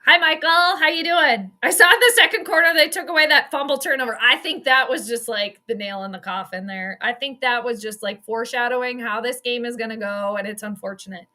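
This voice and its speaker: Bright-voiced frustrated woman commentating. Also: fairly high pitch, fairly quick, few pauses. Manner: frustrated fan, blunt and swearing. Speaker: live-stream sports commentator and astrologer. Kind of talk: casual live-stream game commentary.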